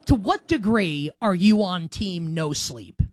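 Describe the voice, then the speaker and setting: A man in his thirties hosting a casual sports talk show, rambling and animated, full of "like" fillers. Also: high-pitched, slow, no echo. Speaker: podcast host.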